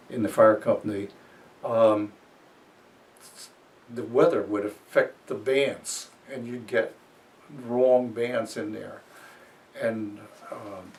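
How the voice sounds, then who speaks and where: Gravelly older man, off-mic. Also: lowish voice, a little mellow, distant mic. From New Jersey, USA. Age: 80s. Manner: rambling storyteller, fillers and chuckles. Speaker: interviewee. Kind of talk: reminiscing interview.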